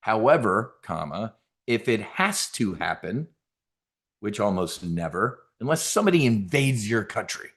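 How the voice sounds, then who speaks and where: A man's voice: fairly low pitch, very animated, a little slow, fairly bright tone. A middle-aged man hosting a trading show, giving blunt, profane, rambling live market commentary.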